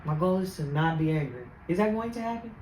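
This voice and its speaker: A woman podcast host telling stories about faith and anger, speaking in an animated, preachy way. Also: fairly low pitch, fast, slight background noise. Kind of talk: casual faith talk. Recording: echoey room, faint ambience.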